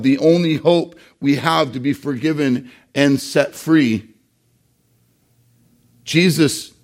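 A man pastor preaching a sermon, earnest, slowing down to stress key phrases and sometimes repeating words. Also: on the high side.

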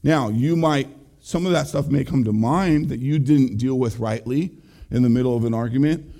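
A man's voice: medium pitch, normal speed, mellow. A middle-aged man, a pastor, giving a conversational, earnest sermon and speaking straight to his listeners. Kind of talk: sermon on marriage.

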